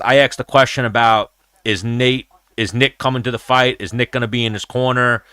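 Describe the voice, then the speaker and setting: A man's voice: medium pitch, bright, forceful tone, smooth, no echo. A young man hosting a casual livestream, talking in a rambling, profane way and telling stories. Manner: profane, rambling storyteller who slips into impressions. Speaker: show host.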